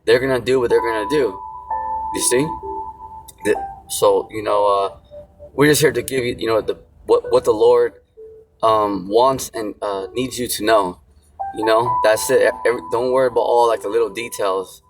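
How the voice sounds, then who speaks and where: A man's voice: on the low side, steady tone, normal speed. A man preaching a casual sermon, rambling with lots of fillers and blunt slang. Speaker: street preacher. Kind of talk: casual sermon with scripture reading. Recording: music playing behind.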